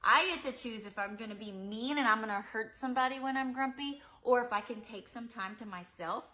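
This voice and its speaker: A young woman leads a preschool class in a bright, clear voice. Her delivery is gentle and expressive, with a sing-song lilt meant for small children. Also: on the high side, a little fast. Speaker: preschool teacher. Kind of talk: demonstration lesson for young children.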